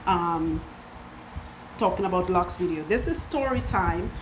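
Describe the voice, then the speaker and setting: A woman's voice: lowish voice, lively intonation, measured pace, background noise. A woman hosting a casual story time chat, talking and laughing often while she oils a client's hair. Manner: chatty, laughs often while telling stories. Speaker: loctician and show host.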